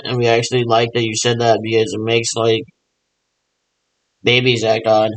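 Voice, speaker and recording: A man with a voice of ordinary middle pitch rambles on his own. He mimics radio check chatter and keeps answering himself in a loose, repetitive back-and-forth. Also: monotone, moderate pace, pauses often, dry recording, rough recording. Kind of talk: rambling improvised monologue.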